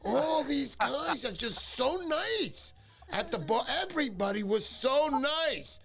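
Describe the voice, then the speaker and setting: A man hosting a fishing livestream, chatting in an animated, joking, rambling way. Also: very high-pitched, slow, vocal fry, music in the background. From New York. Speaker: livestream fishing show host. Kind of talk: casual livestream chat.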